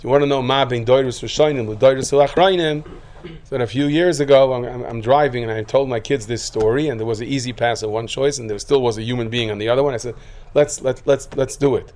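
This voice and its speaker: A man giving a sermon full of stories, acting out voices and rising to loud bursts. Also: medium pitch, quick pace. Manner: lively storyteller who acts out quotes, rising to loud outbursts. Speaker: rabbi giving a talk.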